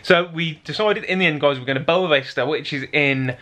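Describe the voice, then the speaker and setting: Chatty fast-talking British young man. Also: on the high side, bright, forceful tone. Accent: British English. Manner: rambling, chatty, self-correcting. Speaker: vlog host. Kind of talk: casual chat to camera.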